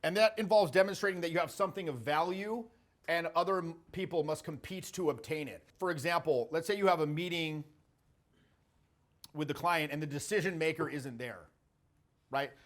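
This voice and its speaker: A man's voice: on the high side, moderate pace. Blunt, swearing male social coach. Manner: blunt, profane, jokey storytelling. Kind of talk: casual coaching talk.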